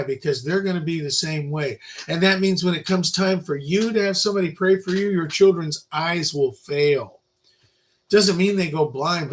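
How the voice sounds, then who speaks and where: An older man giving an informal Bible lecture, rambling through personal stories and swinging between loud emphasis and quiet asides. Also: on the high side, rough recording. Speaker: Bible teacher.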